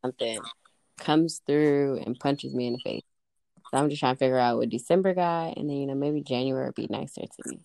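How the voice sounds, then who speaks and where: Low gravelly-voiced woman on a podcast, laid-back, dry close mic. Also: brisk, warm tone, dry recording. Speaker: podcast co-host. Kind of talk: casual chat.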